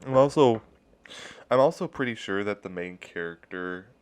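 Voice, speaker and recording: Reading a creepypasta in a casual way, this young storyteller voices the punctuation aloud and interrupts himself with sarcastic remarks. His fairly low voice is animated and moves at a normal speed, with a clean tone and no room sound.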